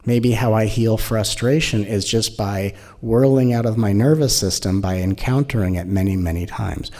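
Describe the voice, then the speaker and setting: A man giving an animated, playful spiritual talk as a teacher, often slipping into mocking voices. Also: lowish voice, normal speed, hardly any pauses.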